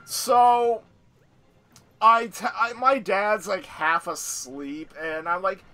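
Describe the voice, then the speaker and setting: A young man chatting casually with a friend, animated and excitable. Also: high-pitched, takes it slowly, soft background music. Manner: animated, excitable, yells for effect. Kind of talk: casual chat.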